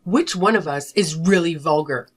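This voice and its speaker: A woman's voice: deep voice, moderate pace, husky. A woman voicing an indignant fed-up wife. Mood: angry. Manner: indignant and confrontational. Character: fed-up young wife and mother, sharp-tongued. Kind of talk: narrated drama story dialogue.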